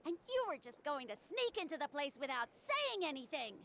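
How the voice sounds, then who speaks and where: A stern, worried young woman doctor, lecturing in a game cutscene with a high, swooping voice. She sounds exasperated and firm. Faint game ambience hums underneath. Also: very animated, moderate pace, fairly bright tone, slight background noise. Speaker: doctor and logistics handler.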